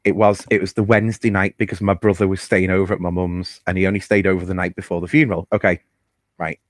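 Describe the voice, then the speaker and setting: Man, lowish voice, dry close mic, casual podcast storyteller with fillers and swearing. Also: flat delivery, fast talker, no echo. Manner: chatty and candid, with fillers and swearing. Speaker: podcast host.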